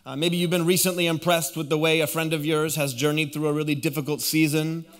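Energetic male pastor preaching in church. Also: a little high, fast, soft background music. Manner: energetic preacher, rallies the congregation to repeat phrases. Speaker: guest pastor. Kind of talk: sermon. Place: church auditorium.

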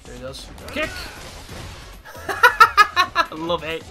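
A man commentating a video game playthrough, excitable and crude, with sudden exclamations. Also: on the high side, drawn-out words. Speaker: gameplay commentator. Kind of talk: let's play commentary. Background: game music.

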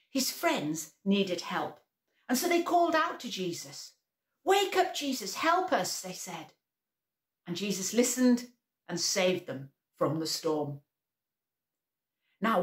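A woman leading a preschool worship session, telling a Bible story slowly and expressively for small children. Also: fairly low pitch, echoey room. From England.

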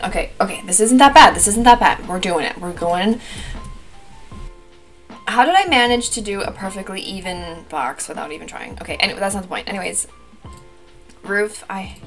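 A young woman with a Wisconsin accent, chatting frantically through a timed building challenge, full of fillers and repeated exclamations. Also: mid-range voice. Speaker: gaming YouTuber. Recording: light background music.

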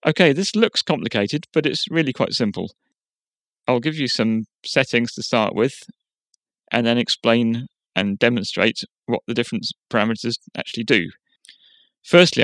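A man hosting a software tutorial, explaining each step in a plain, steady way. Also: medium pitch, gravelly, no room sound. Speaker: tutorial host. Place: quiet room.

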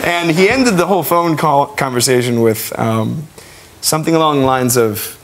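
A man telling a casual anecdote in an animated way, with lots of fillers and laughing. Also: medium pitch, moderate pace. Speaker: guest telling a story. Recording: background noise.

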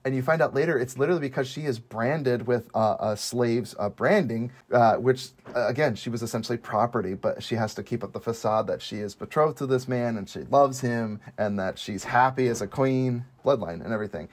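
A man co-hosting a casual movie review chat, lively and quoting characters in playful voices. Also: mid-range voice, brisk, few pauses. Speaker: podcast co-host.

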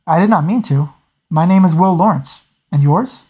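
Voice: medium pitch, normal speed, dark tone, husky, muffled recording, natural voice. A reader voicing a young naval captain who stays polite and formal under pressure, with courteous, formal phrasing.

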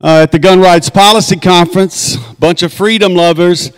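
A man's voice: high voice, fairly even intonation, normal speed, few pauses, smooth. Folksy man giving a conference talk. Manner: folksy, joking, leads crowd call-and-response chants. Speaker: conference speaker. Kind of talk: speech at a conference. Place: conference hall.

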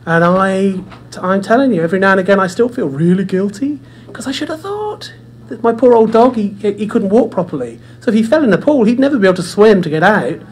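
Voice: medium pitch, big pitch swings, quick pace. A speaker giving a forum talk, chatty, often repeating words and addressing the audience directly, in an indoor room. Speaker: speaker at a dementia care forum. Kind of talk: presentation with personal storytelling.

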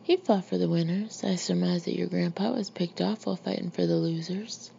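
A woman voicing a brash, blunt middle-aged male Marine colonel who talks gruffly and mockingly, in a muffled lo-fi recording. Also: lowish voice, fairly even intonation, brisk, warm tone. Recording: muffled lo-fi recording with faint hiss.

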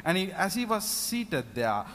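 A fervent male preacher, his voice sitting a little high for a man. He keeps breaking into hallelujahs between points. Long hall reverb trails every phrase. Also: very animated, unhurried, a bit bright, a little hiss or hum. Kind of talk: sermon. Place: prayer meeting in a reverberant hall.

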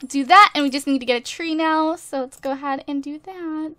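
A woman with a high, pushed, bright voice talks a little fast, recorded with no echo and studio quality on a desk USB mic. She's a gaming YouTuber giving casual let's-play commentary of a life-simulation game, bubbly, chatty, gushing and laughing often.

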